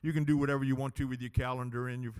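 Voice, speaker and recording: A man preaching a sermon as pastor, impassioned, swinging between loud declarations and hushed pleading. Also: medium pitch, flat delivery, rapid-fire, clean tone, big-room sound.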